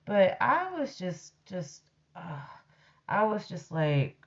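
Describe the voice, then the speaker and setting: Woman ranting thru a story real slow, cussing a lot, kinda muffled lo-fi sound. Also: fairly low pitch, very animated. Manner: blunt, profane, ranting. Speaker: storyteller host. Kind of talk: casual storytelling monologue.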